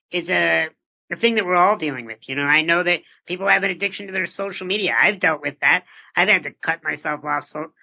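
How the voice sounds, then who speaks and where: A man in his thirties, an interview guest, talking earnestly and reflectively, often posing rhetorical questions and repeating words as he starts a thought. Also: on the high side. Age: 30s. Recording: dull lo-fi recording.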